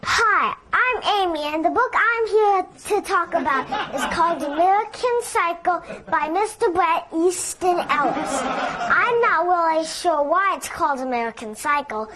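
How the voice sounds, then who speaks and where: A woman plays an innocent, chirpy young girl giving a book report in a comedy sketch. Her voice sits very high. The clip carries audience laughter and clear noise behind it. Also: lively intonation, unhurried, a crowd in the background.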